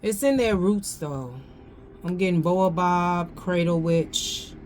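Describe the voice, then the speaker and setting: A woman reads tarot in a slow, unhurried way, dwelling on each card. Her voice sits a little low, and her talk is slangy and loose, with phrases repeated as she works things out. A faint hum of the room sits behind her. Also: darkish tone. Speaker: tarot reader. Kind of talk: casual tarot reading.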